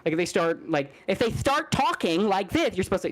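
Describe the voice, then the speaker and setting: A man with a somewhat high voice rants through a casual podcast chat. He rambles, swears freely and slips into mocking impressions as he gets going. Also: fairly quick, poor audio. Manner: rambling, crude, animated rant with mocking put-on voices. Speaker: podcast co-host.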